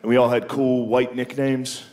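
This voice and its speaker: An American man performs stand-up on stage with a mid-range voice, flat delivery and normal speed. He talks loosely and casually, chuckling at his own lines. The echoey venue is filled with loud audience laughter.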